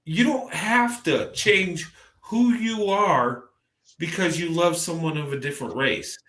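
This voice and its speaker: A man's voice: on the high side, measured pace, a bit bright, reverberant. A man in casual conversation as a podcast host, rambling and restarting his words as he talks. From American South. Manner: rambling, repeats words when starting a thought. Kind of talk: casual chat.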